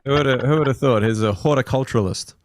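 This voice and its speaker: A man's voice: medium pitch, brisk, no echo. Australian man, podcast co-host; playful, profane quizmaster, dry booth sound. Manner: joking, profane, quizzing. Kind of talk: casual comedic chat.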